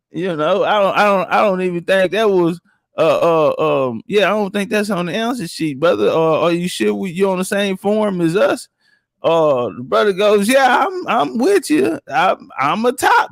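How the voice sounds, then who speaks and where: A man's voice: high voice, vocal fry, no echo. A man telling profane stories in casual chat and acting out the people he quotes. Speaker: podcast guest. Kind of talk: casual storytelling.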